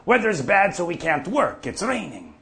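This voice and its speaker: An actor playing an older farmer off the drink who tells profane, folksy stories. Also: male voice, high voice, big pitch swings, moderate pace, creaky, sharp tone, heavily acted. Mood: rambling. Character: older male prairie farmer off the drink, gruff storyteller. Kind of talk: monologue.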